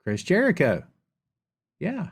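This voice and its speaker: A middle-aged man hosting a podcast, reading out viewer questions and answering them with playful sarcasm in a relaxed live chat. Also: on the high side, takes it slowly, gravelly, husky. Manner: reads viewer comments aloud and reacts with playful sarcasm. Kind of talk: casual live-stream chat.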